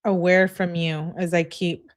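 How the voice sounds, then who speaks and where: A woman reading aloud the messages of a young woman's role-play persona in a plain, flat voice. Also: on the low side, unhurried, lightly acted. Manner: read aloud flatly.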